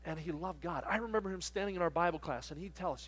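A man's voice: on the high side, quick pace, fairly bright tone, husky. Joking, firm camp preacher man. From southern New Jersey. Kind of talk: sermon to teens.

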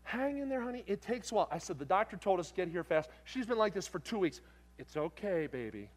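A middle-aged man preaching a sermon, telling a story with acted-out voices that swing from loud bursts to hushed, tender moments. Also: high voice, lively intonation, fast talker.

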